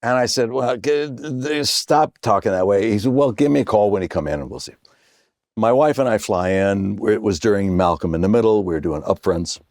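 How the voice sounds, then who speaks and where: A man's voice: on the low side, a little fast, no echo, studio quality. A man in his sixties, a guest on a chat show, telling a story in a casual way and acting out the voices of the people in it. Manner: animated storyteller who acts out quoted voices. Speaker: guest actor.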